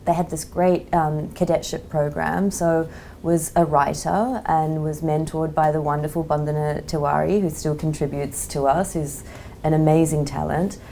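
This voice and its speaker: Mellow low-pitched Australian woman in her 30s, frank chatty interview guest. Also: steady tone, normal speed, creaky, slight background noise. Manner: chatty, frank, many "like" and "um" fillers. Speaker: magazine editor, podcast guest. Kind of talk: casual interview chat.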